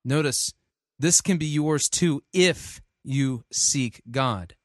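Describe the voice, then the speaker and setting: A man's voice: a little high, slow pace, no room sound, studio quality. A man reviewing a sermon, skeptical and challenging, repeating the preacher's phrases back to question them. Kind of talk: critical commentary.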